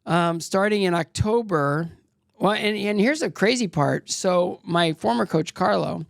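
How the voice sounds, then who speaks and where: A man's voice: sits high, a little slow, creaky, no room sound, studio quality. A middle-aged man, a former athlete, telling candid, rambling stories as an interview guest and acting out the voices of people he quotes. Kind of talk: casual storytelling interview.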